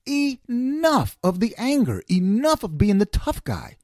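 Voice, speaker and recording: A man's voice: sits high, wildly swooping pitch, unhurried, a little mellow, no echo, studio quality. A man hosting an opinionated solo commentary, ranting and firing off rhetorical questions. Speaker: host.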